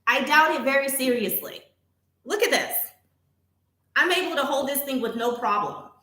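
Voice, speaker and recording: A woman vlogger talking casually to her viewers, retelling a complaint with animated indignation. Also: high voice, moderate pace, echoey room. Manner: animated, indignant retelling, reads chat aloud.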